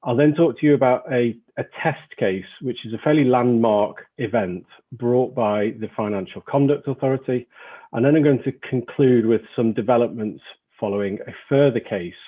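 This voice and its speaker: Northern english lawyer guy explaining stuff on a webinar, husky voice, sounds like a phone line. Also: mid-range voice. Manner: measured, explanatory. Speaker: insurance lawyer. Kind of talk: webinar presentation.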